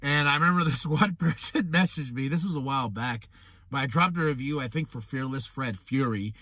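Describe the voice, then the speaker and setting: A man's voice: medium pitch, brisk, no room sound, clean studio sound. A man hosting a podcast, talking casually and animatedly, acting out what other people say. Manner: animated, acts out quoted people. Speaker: podcast host. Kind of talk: casual monologue.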